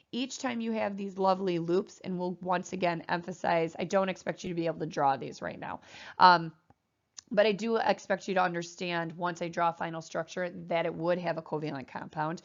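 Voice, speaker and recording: A woman's voice: lowish voice, normal speed. A woman chemistry teacher giving a classroom lecture, explaining bonding and sometimes voicing the atoms playfully. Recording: muffled lo-fi classroom recording.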